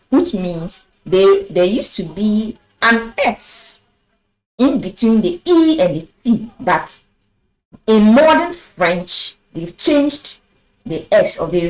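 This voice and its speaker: A woman teaching a French lesson at a board, explaining slowly and asking her viewers rhetorical questions. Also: lowish voice, poor audio. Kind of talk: video language lesson. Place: in front of a board.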